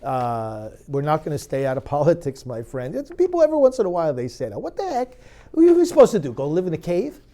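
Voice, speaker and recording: A middle-aged man, a priest hosting his own show, speaks straight to the viewer with a sarcastic, preachy edge that climbs into fervent emphasis. His pitch sits fairly high and swings widely, and his tone stays mellow rather than bright. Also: wildly swooping pitch, fast. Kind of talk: direct-to-camera commentary.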